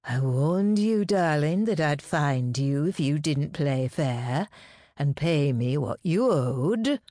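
A husky, sensuous woman, as a narrator puts her on, drawling slow and low with a knowing, quietly threatening edge. Her voice sits deeper than the storyteller's already low speaking voice. It is a storybook figure, read in a dry, close recording. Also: expressive, no room sound, heavily acted. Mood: sultry menace. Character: husky sultry woman, brassy, menacing.

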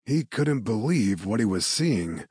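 A man reading a dark paranormal romance as an audiobook narrator, in a measured, steady storytelling delivery. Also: fairly low pitch, slightly rough, dry recording, clean studio sound.

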